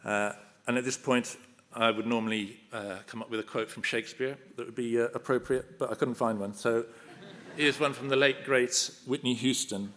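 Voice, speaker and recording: An older man with a voice of average pitch accepts an honour with a wry, anecdotal speech. He is self-deprecating and chuckles lightly between points. He speaks into a podium microphone in a ceremony hall. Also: fairly even intonation, moderate pace, fairly bright tone, a little hiss or hum. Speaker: honorary award recipient.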